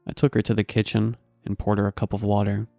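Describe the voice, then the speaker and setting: Male horror-story narrator: wry scripted delivery, low pitch, dry close sound. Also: completely flat delivery, fast, gravelly, dark tone, no room sound, soft background music.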